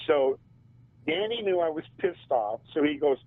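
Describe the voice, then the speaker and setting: A man's voice: fairly high pitch, normal speed, dry recording. Man telling stories over a tinny phone. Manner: animated, laughs often while telling stories. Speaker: interview guest, band drummer. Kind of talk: casual storytelling.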